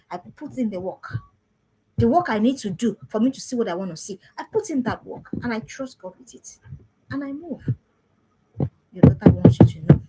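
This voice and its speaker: A woman's voice: a little high, warm tone, husky, poor audio. A woman, a parenting coach giving an emphatic talk to parents and repeating phrases for stress.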